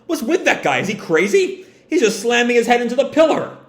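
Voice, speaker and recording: A man's voice: very high voice, sing-song, a little fast, pitched above the performer's own voice. A man voicing anxious young pirate crewmen who urgently complain to their captain.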